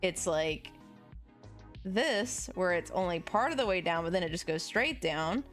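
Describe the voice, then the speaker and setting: Woman, live streamer, casual chat while drawing, rambling, curses a lot, sudden pitch jumps. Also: expressive, a little slow, faint music behind.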